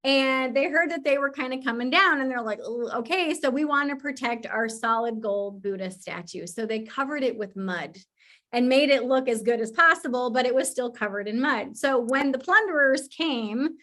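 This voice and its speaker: A woman hosting a podcast, telling stories in a lively, casual way, laughing often and swearing freely. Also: high-pitched, normal speed. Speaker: podcast host.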